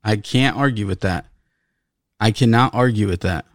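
A man's voice: lowish voice, moderate pace, dry recording, studio quality. A man co-hosting a sports podcast, ranting in frustration, swearing a lot and repeating himself. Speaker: podcast co-host. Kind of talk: heated sports podcast rant.

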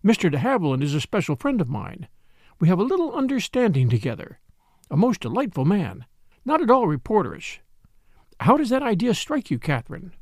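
A man voicing a scheming, effusive middle-aged society lady with a high, gushing manner. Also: wildly swooping pitch, brisk, darkish tone, no echo, clean studio sound, full character voice.

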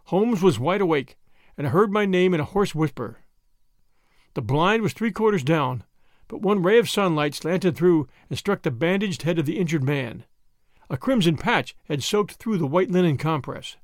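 Man narrating in a fairly high voice. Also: lively intonation, moderate pace, no room sound, studio quality. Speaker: audiobook narrator. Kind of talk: first-person storybook narration.

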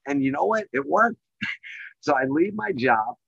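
A man's voice: a little slow, creaky, slightly rough, no echo. Middle-aged male guest, talks in long rambling runs packed with fillers, sound a bit dull and dry. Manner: rambling, heavy on filler phrases; gets excited and louder at high points. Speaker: guest, real estate developer. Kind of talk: casual storytelling on a call. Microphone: remote call microphone.

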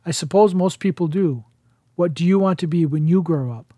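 A man reading the lines of a gentle, encouraging middle-aged woman president in an audiobook. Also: fairly low pitch, moderate pace, dry recording, dull audio, close to an everyday voice.

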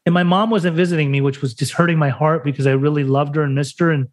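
This guest on a podcast, a man from Salt Lake City, United States, shares his story openly and with emotion, acting out lines and swearing freely. He talks fast in a slightly high voice with fairly even intonation.

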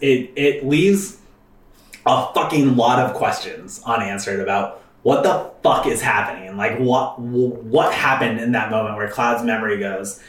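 A man's voice: mid-range voice, a little slow, a bit bright, echoey room, recorded from a distance. A man hosting a let's play, chatting casually with rambling fillers and swearing. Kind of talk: casual gaming commentary.

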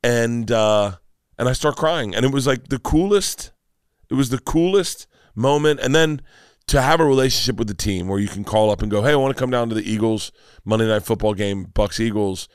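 A man in his fifties, a comedian guest, telling stories in casual podcast talk, animated and rambling with many restarts. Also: mid-range voice, brisk, smooth, no echo, clean studio sound. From Florida, United States.

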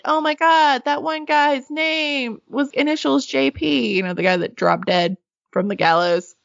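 A woman's voice: medium pitch, fairly bright tone, no room sound, muffled recording. A woman retelling a show in a casual, sarcastic chat, laughing and swearing as she goes.

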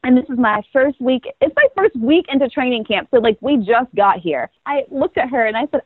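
A young woman from North Carolina chats as an interview guest, telling her story with lots of animation and acting out the voices of the people in it. Her voice sits a little high. The sound is dry and thin, like a phone line. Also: lively intonation, fairly quick, hardly any pauses, slightly rough, no echo. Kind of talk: casual interview conversation.

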